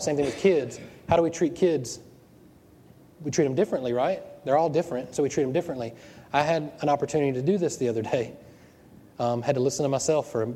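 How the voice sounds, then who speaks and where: A man's voice: mid-range voice, warm tone. A man preaching a sermon as pastor, talking conversationally, asking the room rhetorical questions and often repeating his words as he goes. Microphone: wearing a microphone. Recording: long hall reverb.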